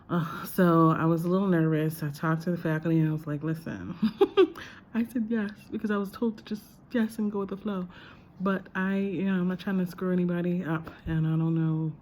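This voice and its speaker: A woman's voice: sits low, a little mellow, slight background noise. A woman who lectures at a university, talking through her day in a chatty, reflective vlog with lots of fillers. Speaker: visiting lecturer. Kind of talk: casual spoken diary.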